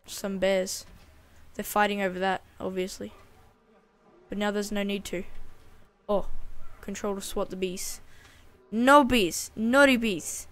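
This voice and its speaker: A woman's voice: medium pitch, monotone, measured pace. A woman casually commenting as she plays a video game, chatty and playfully talking to the animals on screen. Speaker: gaming channel host. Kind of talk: casual let's-play commentary.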